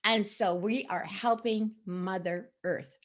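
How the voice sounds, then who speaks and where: A woman's voice: mid-range voice, slow. A middle-aged woman chatting casually to camera about a product she sells, rambling and restarting often. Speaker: sock sales associate.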